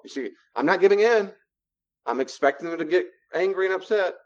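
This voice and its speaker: A man's voice: sits high, animated, fairly quick. Guy teaching a class, chatty, repeats stuff, kinda muffled lo-fi audio. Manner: conversational, repeats phrases for emphasis. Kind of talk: classroom lecture with role-play.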